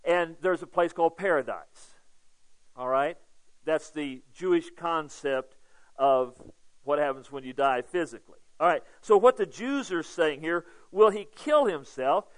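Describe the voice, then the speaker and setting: Preaching man, a bit high-pitched. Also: animated, unhurried, poor audio. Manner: conversational preaching, frequent "okay?" check-ins, swells in volume for emphasis. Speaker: pastor. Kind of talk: sermon.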